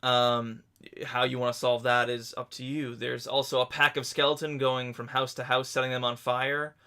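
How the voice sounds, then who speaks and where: A man narrating a tabletop game as game master, telling the scene in a halting, descriptive way. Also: medium pitch, level tone, bright, forceful tone, smooth.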